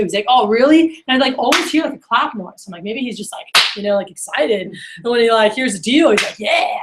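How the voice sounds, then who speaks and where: A woman's voice: on the high side, a little hiss or hum. A woman sales manager telling stories at a workshop, acting out the phone calls she quotes. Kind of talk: workshop storytelling.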